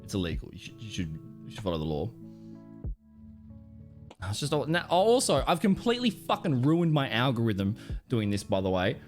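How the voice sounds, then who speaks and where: A male streamer talks off the cuff, wandering between thoughts and swearing freely. His pitch jumps around a lot as he reacts. A faint bit of music sits behind him. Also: wildly swooping pitch, normal speed, pauses often. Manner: rambling, swears often, laughs a lot. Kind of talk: casual live-stream reaction chat.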